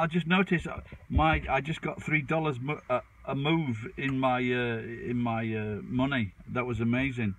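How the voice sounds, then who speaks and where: A man's voice: medium pitch, fairly even intonation, normal speed, few pauses, a little hiss or hum, low-quality recording. Rambling middle-aged man chatting to camera. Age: 50s. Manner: rambling, with frequent restarts and fillers. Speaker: vlogger. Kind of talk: casual chat to camera.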